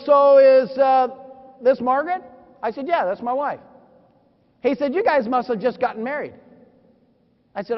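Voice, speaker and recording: Animated high-voiced man in a hall. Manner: animated storytelling, acting out dialogue, sudden shouts. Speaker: motivational speaker. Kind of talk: motivational keynote speech. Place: large conference hall. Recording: dull sound, long hall reverb.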